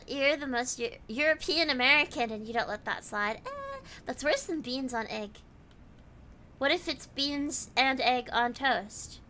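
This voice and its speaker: A woman's voice: fairly high pitch, pushed and bright, slight background noise. A woman streamer chatting casually while gaming, reading viewer comments aloud and answering them.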